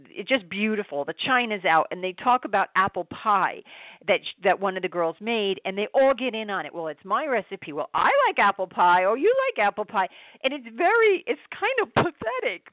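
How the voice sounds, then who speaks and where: A woman's voice: medium pitch, no room sound. Chatty woman reviewing a film, tinny sound. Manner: chatty, animated, with many restarts. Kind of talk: casual spoken film review. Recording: dry, tinny phone-like sound.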